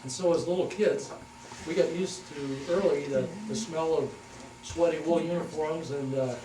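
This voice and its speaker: An older man giving a folksy talk to a local historical society, halting often with fillers as he reminisces. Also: on the high side, steady tone. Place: hall at a historical society meeting. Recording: echoey room, distant mic, noisy.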